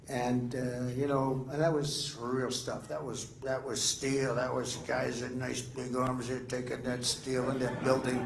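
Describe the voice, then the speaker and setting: A man's voice: medium pitch, monotone, measured pace, vocal fry, few pauses, crowd noise. Older man rambling boastfully in an echoey room. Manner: meandering, boastful, trails off mid-sentence with many uhs. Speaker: speaker addressing a political gathering. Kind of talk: rambling off-the-cuff speech. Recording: echoey room with faint background noise.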